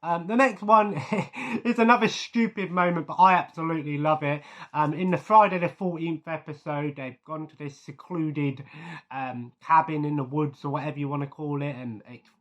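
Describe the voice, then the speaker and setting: A man talking in a loose, rambling way, filling his sentences with ums and little chuckles. His voice sits a touch higher than most men's. He sounds like he is chatting casually to his viewers. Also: moderate pace. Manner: rambling, chuckling, full of fillers. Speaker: vlogger. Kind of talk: casual chat.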